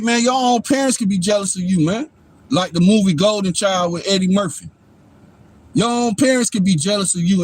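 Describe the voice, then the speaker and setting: A man's voice: high-pitched, no room sound. A man, a father, talking in a rambling, profane and preachy way on his livestream, often asking if you follow him. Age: adult father. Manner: profane, preachy, keeps asking "you know what I'm saying". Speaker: livestream host. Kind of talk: rambling casual monologue.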